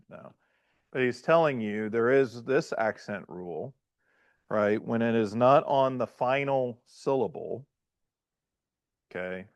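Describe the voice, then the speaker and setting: A man who is a pastor, teaching a class in a halting lecture style and often checking in with "right?" and "okay?". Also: on the low side, no room sound. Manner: halting, restarts mid-phrase.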